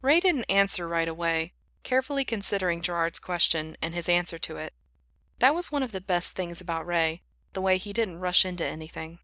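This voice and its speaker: A woman reading a fan fiction story aloud in an even, unhurried way. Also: on the low side, no echo.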